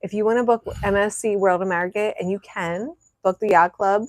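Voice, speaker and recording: A woman's voice: mid-range voice, fairly even intonation, a little fast, no room sound. A woman chatting casually as a cruise vlogger, teasing her partner and given to exclamations. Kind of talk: casual chat.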